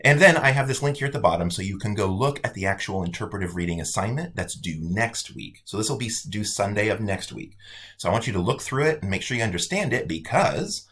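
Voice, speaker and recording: A male college instructor giving a casual, animated weekly update to his online students. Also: on the low side, fast talker. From United States.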